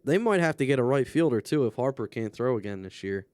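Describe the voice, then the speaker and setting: A man's voice: medium pitch, lively intonation, fast talker, darkish tone, no room sound. Chatty Philly man, dry mic. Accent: Philadelphia. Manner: chatty, jokey, laughs often. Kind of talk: casual sports chat.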